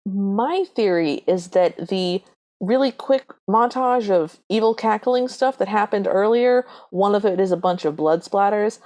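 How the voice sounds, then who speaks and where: A woman's voice: medium pitch, a little slow, a little mellow. A woman co-hosting a podcast, speculating about the plot and recounting scenes in casual, chatty talk to listeners. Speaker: podcast co-host. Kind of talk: casual chat recapping a movie.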